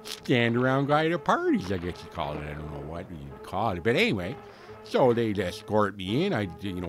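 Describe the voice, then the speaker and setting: A man's voice: fairly low pitch, close to an everyday voice. Lester, a man playing a rambling yarn-spinner. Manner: rambling, folksy, full of slang and fillers. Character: folksy rambling man telling a tall tale. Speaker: storyteller. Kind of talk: comic character monologue.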